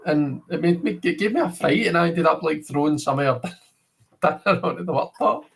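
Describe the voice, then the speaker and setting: A man's voice: on the high side, a little fast, vocal fry, fairly bright tone, breathy edge, rough recording. A man with a Scottish accent hosting a casual livestream, chatting to viewers in a rambling way with lots of filler words. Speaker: livestream host.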